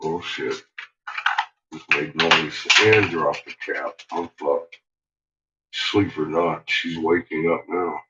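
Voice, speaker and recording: A man vlogging while he cooks in his home kitchen, talking in a hushed mutter and swearing under his breath. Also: extremely low pitch, steady tone, slow pace, long pauses. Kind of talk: casual cooking vlog. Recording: roomy, distant, dull lo-fi audio with noise. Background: dogs and kitchen clicks.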